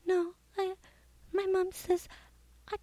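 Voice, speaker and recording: A timid, sweet little boy stammers and trips over his words in a high, small voice, as a woman puts him on. The sound is close and dry, with no room around it. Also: completely flat delivery, takes it slowly, warm tone, dry recording.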